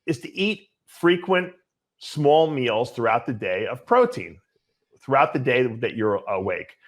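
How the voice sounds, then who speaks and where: Casting: older male host, blunt and animated, mid pitch, casual Q&A answers. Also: a little slow. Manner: blunt, animated storytelling with swearing. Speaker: bodybuilding show host.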